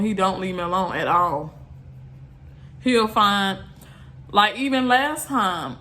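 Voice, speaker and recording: A woman's voice: medium pitch, fairly bright tone, slight background noise. A woman vlogger, venting bluntly and repeating herself in an exasperated rant to her viewers.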